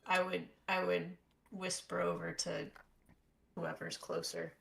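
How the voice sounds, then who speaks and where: A woman's voice: on the low side, little pitch movement, slow, creaky, distant mic. A woman playing a tabletop game, asking questions and thinking aloud with some hesitation. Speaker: player.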